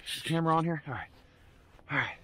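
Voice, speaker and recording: Breathless high-voiced man on a trail. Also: fast talker, sharp tone, slight background noise. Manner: breathless, rambling, mock-outraged. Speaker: vlogger. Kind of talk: comic storytelling vlog. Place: outdoor park trails. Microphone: handheld camera.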